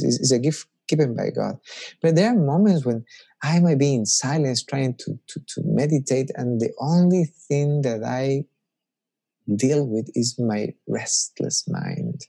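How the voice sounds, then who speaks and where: A man's voice: mid-range voice, big pitch swings, a little slow, gravelly, dark tone, husky. A man preaching a conversational sermon as a pastor, reflective and personal, musing aloud.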